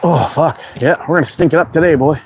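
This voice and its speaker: A man's voice: fairly high pitch, fast, a little mellow. Laid-back canadian guy on a windy livestream. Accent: Quebec. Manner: reads chat names aloud, laid-back and friendly, swears casually. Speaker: slingshot livestream host. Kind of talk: casual livestream chat. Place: outdoors in cold wind. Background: wind and outdoor ambience.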